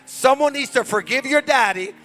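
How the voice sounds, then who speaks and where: A man preaching a fervent deliverance sermon as pastor at a church service, shouting commands. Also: very high voice, moderate pace.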